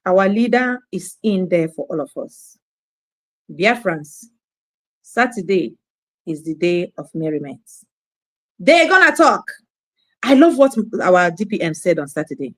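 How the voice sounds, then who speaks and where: A woman's voice: fairly low pitch, big pitch swings, unhurried, long pauses, a bit bright, no echo. A woman ranting in a scolding, preachy monologue, repeating her phrases. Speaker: online commentator.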